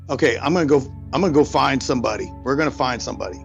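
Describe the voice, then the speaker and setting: A man's voice: medium pitch, expressive, very fast, vocal fry, dull audio, soft background music. A man playing a character in a tabletop game, casual and joking. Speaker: player.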